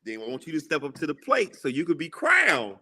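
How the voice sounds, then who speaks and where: Bright-voiced preacherly man. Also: on the high side, wildly swooping pitch, fairly quick, breathy edge. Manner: preacherly, emphatic, repeats lines for emphasis. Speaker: guest, entrepreneur and TV show creator. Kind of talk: motivational interview talk.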